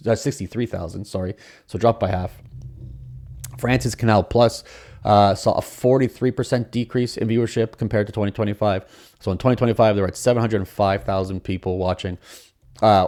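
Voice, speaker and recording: A man's voice: lowish voice, darkish tone. A man hosting a podcast on his own, talking casually with many fillers and restarts. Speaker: podcast host. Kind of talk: solo podcast commentary.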